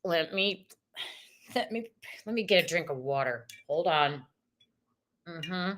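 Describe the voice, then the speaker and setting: A woman's voice: low voice, lively intonation, takes it slowly, a bit bright. A middle-aged woman hosting a live-streamed tarot reading, chatty and exclamatory with spiritual messages. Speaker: tarot reader and host.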